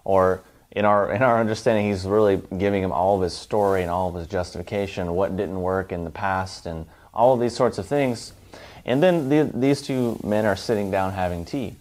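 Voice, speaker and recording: Low voiced guy doing a self help talk, emphatic, lists stuff on and on. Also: normal speed, darkish tone. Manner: emphatic, piles up long lists. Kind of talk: motivational talk.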